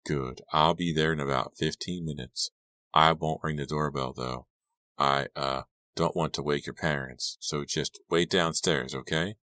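Man doing a jittery creepy teen guy, stops and starts, super deep voice. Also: fairly even intonation, bright, forceful tone, dry recording, clean studio sound, exaggerated voice. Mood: nervous. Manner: hesitant, halting with fillers. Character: nervous, menacing teenage boy.

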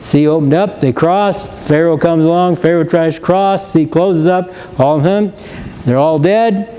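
A man's voice: fairly high pitch, a little slow, mellow, a little hiss or hum, low-quality recording. A male pastor giving a sermon in a church, preaching emphatically and reading scripture with rising force. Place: church sanctuary.

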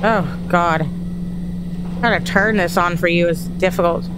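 This gaming streamer from Texas talks her way through a horror let's-play, musing aloud and jumping at scares. She has a lowish voice and a measured pace, with heavy background noise behind her.

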